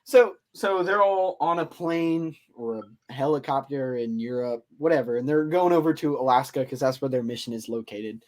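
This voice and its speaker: A man's voice: medium pitch, normal speed, hardly any pauses. A man hosting a podcast, telling a story in a rambling way with frequent restarts and laughter. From United States. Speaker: podcast host. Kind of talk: casual chat.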